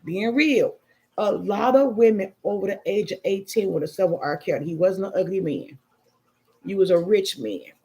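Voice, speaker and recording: A middle-aged woman with a Chicago-area accent sips wine while hosting a casual livestream, reading viewer comments in a candid, emphatic way. Her voice is medium-pitched with a dark tone, at a moderate pace.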